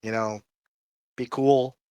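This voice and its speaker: A man's voice: mid-range voice, steady tone, slow pace, a little mellow, clean tone, no room sound, muffled recording. A man playing a tabletop game, hesitant and a bit pleading. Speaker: player. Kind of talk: casual tabletop play.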